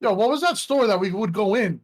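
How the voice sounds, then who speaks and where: A man with a notably high voice chats on a podcast with his buddies. He talks in an excitable, slangy way and laughs often. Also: brisk. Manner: excitable, laughs, drops "bro" and "yo". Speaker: podcast co-host. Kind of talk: casual chat.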